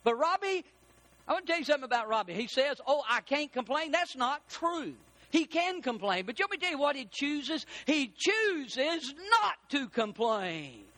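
A man preaching a sermon as pastor, animated and rising to shouts for emphasis. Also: extremely high pitch, moderate pace.

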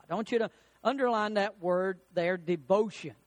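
A male pastor preaching a sermon in an emphatic, measured way, using rhetorical questions. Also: sits high.

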